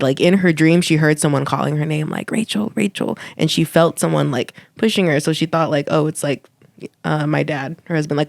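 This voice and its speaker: Gravelly-voiced woman chatting casually. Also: deep voice, dry recording, clean studio sound. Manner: chatty, many "like" and "you know" fillers. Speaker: podcast co-host. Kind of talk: casual storytelling chat.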